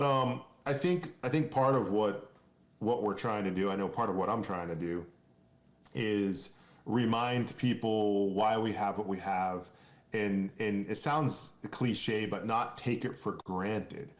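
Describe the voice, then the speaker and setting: Man from Maine, podcast guest, low voice, earnest, rambling, restarts a lot, roomy echo. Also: slow pace. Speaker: guest, company founder. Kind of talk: casual podcast interview.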